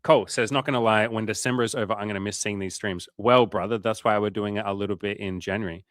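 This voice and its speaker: A man's voice: lowish voice, fairly even intonation, fast talker, a bit bright, dry recording, clean studio sound. An Australian man hosting a casual coaching livestream, reading viewer comments aloud in a loose, profane, filler-heavy way.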